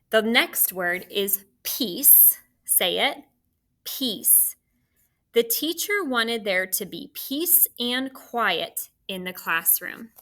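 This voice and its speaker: Here a teacher, a woman, walks children through spelling with slow, careful pacing, voicing every letter of each word. Her voice is medium in pitch, bright and somewhat pushed.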